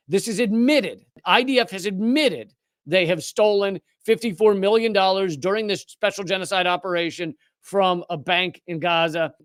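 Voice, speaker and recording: Brief: sarcastic man hosting a commentary show, high voice, dry close sound. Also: no echo. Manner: indignant, sarcastic. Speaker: political commentary host. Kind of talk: scripted political commentary.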